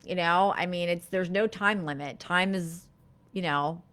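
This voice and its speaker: A middle-aged woman therapist hosting a live-streamed talk, speaking gently and reflectively, with many fillers and restarts. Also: on the low side, a little slow. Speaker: therapist and live show host.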